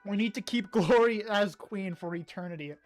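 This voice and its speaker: Stammering, excitable streamer ranting casually. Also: medium pitch, moderate pace, soft background music. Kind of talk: casual livestream chat reading comments.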